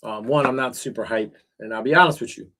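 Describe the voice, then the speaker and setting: Here the middle-aged host speaks quickly in a mid-range voice with a sharp edge. He's streaming live from his cold backyard shed, addressing viewers head-on in a casual way loaded with slang and filler words.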